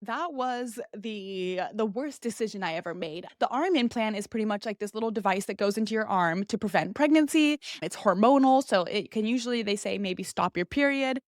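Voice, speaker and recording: A woman's voice: mid-range voice, lively intonation, a little fast, few pauses, no room sound, studio quality. A young woman hosting a podcast, telling a personal story in a chatty, candid way and acting out the voices of other people. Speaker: podcast host. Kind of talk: casual storytelling monologue.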